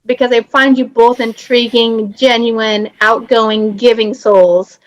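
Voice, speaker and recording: A woman's voice: fairly high pitch, fairly even intonation, slow pace, muffled recording. A woman hosting a podcast interview, effusive and emotional as she praises her guests. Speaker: podcast host.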